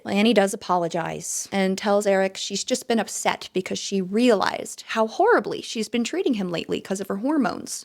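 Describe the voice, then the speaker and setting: Sarcastic woman recapping a TV show. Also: mid-range voice. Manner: sarcastic, irreverent. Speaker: TV recap commentator. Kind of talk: casual recap commentary.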